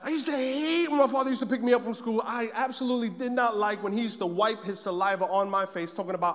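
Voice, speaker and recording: A man with a very high voice preaches to a congregation. He tells a personal story with lively, acted-out moments. His voice rings with the long reverb of a large hall. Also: quick pace, hardly any pauses. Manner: animated storytelling, acting out scenes.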